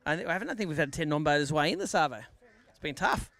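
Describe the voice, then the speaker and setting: Brief: Australian male MC at a fishing weigh-in, a high and crisp voice, joking and matey, dry close sound. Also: very animated, racing, fairly bright tone, dry recording. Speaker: weigh-in host. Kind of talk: live tournament weigh-in banter. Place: outdoor weigh tent at a lake.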